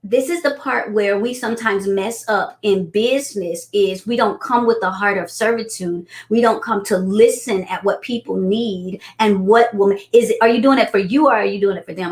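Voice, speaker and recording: A middle-aged woman chatting as a guest business coach, telling animated stories and acting out quotes. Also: normal speed, few pauses. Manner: animated storyteller, acts out quotes in high voices. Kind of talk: casual chat. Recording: echoey room.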